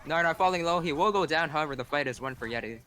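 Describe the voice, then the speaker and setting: A man giving calm, analytical color commentary on a live esports match. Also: a little high, rapid-fire. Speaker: esports co-caster.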